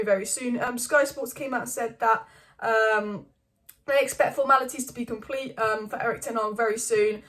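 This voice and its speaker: A young woman hosting a casual football news vlog, giving opinionated, animated takes and firing off rhetorical questions. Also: on the high side. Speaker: football channel host.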